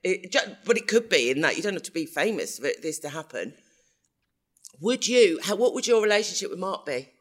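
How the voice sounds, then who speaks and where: A man chatting on a podcast, his voice sitting high and bright. He talks with emphatic, teasing energy, and his pitch swings widely as he pushes his point. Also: sing-song, a little fast. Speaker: podcast co-host. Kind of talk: casual chat.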